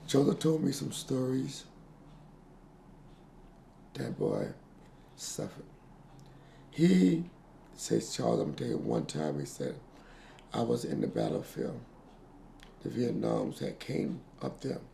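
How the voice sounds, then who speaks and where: Man in his 60s, interview, halting storytelling, mellow tone, roomy echo, faint noise. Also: medium pitch, wildly swooping pitch, gravelly. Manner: recounts with quoted dialogue, halting repeats. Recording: echoey room with faint noise.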